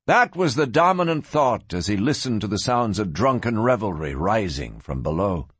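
A man reading a western novel aloud in a dramatic, expressive storytelling manner. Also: on the low side, normal speed, slightly rough, dry recording. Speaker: audiobook narrator. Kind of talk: scripted western audiobook narration.

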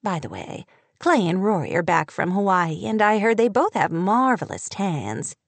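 A woman voicing a nosy small-town woman gossip with a higher, slower prying tone. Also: big pitch swings, vocal fry, no echo.

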